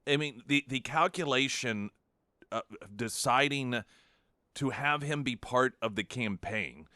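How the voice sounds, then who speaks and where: A man's voice: mid-range voice, a little slow, sharp tone, no room sound, clean studio sound. A man hosting a morning talk radio show, chatting and giving opinionated commentary with many fillers and restarts. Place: radio studio. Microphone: studio microphone.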